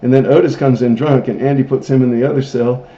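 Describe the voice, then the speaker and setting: A calm small-town sheriff speaks in a deep, lazy drawl, as a man puts him on. The voice sits far below the performer's own. It is caught in a roomy space with a dull, lo-fi sound. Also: fast, lightly acted. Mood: patient recounting.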